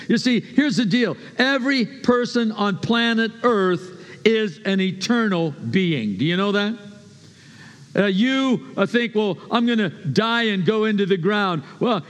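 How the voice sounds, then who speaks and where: A man preaching a sermon, emphatic and repetitive, swinging between hushed lines and loud bursts. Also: high voice, long reverb tail. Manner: emphatic, repeats phrases, shifts from hushed to loud.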